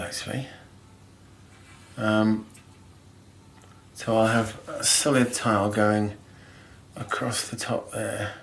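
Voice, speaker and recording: A man's voice: fairly low pitch, roomy sound, slight background noise. A man casually explaining bathroom tiling step by step, thinking aloud with ums and restarts. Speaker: DIY video host. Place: bathroom being refurbished, indoors. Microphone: camera mic, moving around the room.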